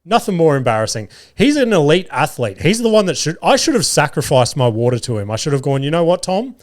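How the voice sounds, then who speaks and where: A man's voice: fairly high pitch, fairly quick. Swearing Australian man telling stories. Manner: animated, swearing, self-mocking. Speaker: podcast host. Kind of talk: casual storytelling monologue. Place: home garage studio.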